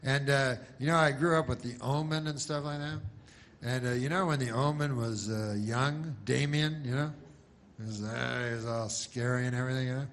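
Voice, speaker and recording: A man doing a stand-up set, deadpan and halting, with many false starts. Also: medium pitch, slight background noise. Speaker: stand-up comedian.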